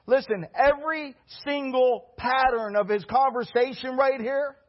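Man preaching, very high husky voice, animated with shouted peaks, dull lo-fi recording. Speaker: pastor. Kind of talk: sermon.

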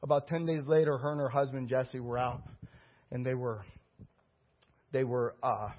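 A man's voice: medium pitch, steady tone, moderate pace. A man preaching a sermon, telling a story and urging his listeners on with repeated exhortations. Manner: urgent, repetitive exhortation. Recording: dull lo-fi recording.

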